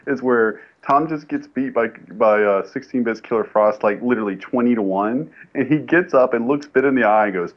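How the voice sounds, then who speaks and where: A man chatting casually on a podcast, excited and enthusiastic as he tells stories. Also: medium pitch, a little fast, few pauses. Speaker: podcast co-host. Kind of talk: casual chat. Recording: muffled with faint hiss.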